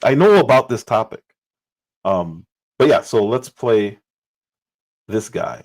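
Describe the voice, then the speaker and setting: A man's voice: on the low side, lively intonation, slow, long pauses, darkish tone, low-quality recording. A man hosting a livestream and giving casual political commentary. He talks emphatically and repeats phrases for stress.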